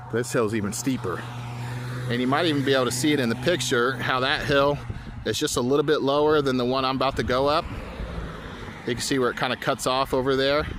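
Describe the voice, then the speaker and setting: A man's voice: medium pitch, noisy background. A man vlogging outdoors on his phone while climbing a steep hill, out of breath, rambling and poking fun at himself. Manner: rambling, self-deprecating, trailing restarts. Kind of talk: casual outdoor vlog narration. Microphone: handheld phone.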